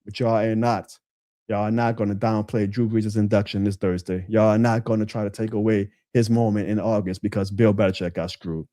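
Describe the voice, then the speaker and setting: A man hosting a live sports stream, ranting about football in a fiery, profane, indignant way that swings from loud outbursts to low mutters. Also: flat delivery, a little fast, no echo, studio quality.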